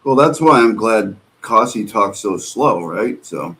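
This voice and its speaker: A man with a Massachusetts accent guesting on a casual chat, his voice sitting fairly low. He comes across laid-back and pokes fun at himself. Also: animated, a little slow, a bit bright.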